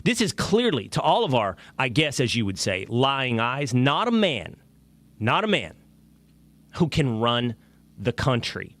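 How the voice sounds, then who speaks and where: A male show host delivering a sarcastic, animated opinion monologue. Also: mid-range voice, a little slow, no room sound.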